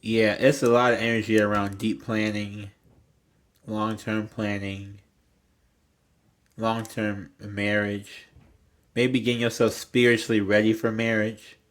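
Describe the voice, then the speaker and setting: A man's voice: on the low side, flat delivery, measured pace, long pauses. Blunt, rambling man reading tarot. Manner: rambling, blunt, swears freely, lots of "like". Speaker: tarot reader.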